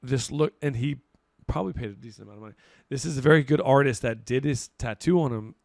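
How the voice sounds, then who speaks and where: A man's voice: mid-range voice, quick pace, creaky, darkish tone, no echo. A young man chats on a podcast in a loose, rambling way, filling gaps with "like" and "um". His voice sits mid-range, and the recording is dry and close with no room sound. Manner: laid-back, rambling with fillers. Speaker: podcast co-host and celebrity stylist. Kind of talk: casual chat.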